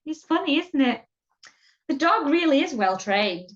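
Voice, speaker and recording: A woman's voice: sits high, big pitch swings, measured pace. Chatty woman reading a picture book aloud. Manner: chatty, asks the listener questions, giggles. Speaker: storyteller. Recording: dull lo-fi recording.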